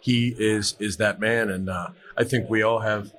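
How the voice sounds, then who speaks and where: Earnest man giving halting thanks. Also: on the low side, fairly even intonation, a bit bright. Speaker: fire service instructor, co-host. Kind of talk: casual panel chat.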